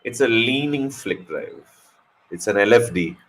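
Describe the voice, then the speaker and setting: Husky-voiced man calling cricket live. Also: mid-range voice, unhurried, poor audio. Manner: excitable, swears, jokes. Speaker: live stream host. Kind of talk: casual live cricket watch-along commentary.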